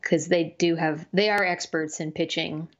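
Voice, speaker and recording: Musician guest, woman, low-pitched, hesitant and chatty, muffled lo-fi audio. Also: fairly even intonation, normal speed. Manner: hesitant, many fillers and restarts. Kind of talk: casual interview talk.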